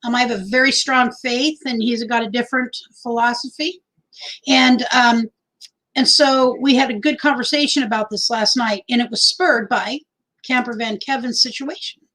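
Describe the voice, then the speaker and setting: A woman's voice: a little high, fairly even intonation, normal speed, fairly bright tone, rough recording. A middle-aged woman from Texas hosting a casual livestream, chatty and rambling as she reads out names from the chat into her phone. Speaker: livestream host.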